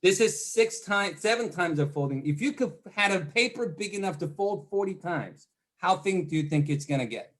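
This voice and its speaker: A man's voice: high-pitched, expressive, moderate pace, a bit bright. A man giving a motivational training talk over a video call, often repeating words and quizzing his audience. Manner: doubles words, asks the audience questions.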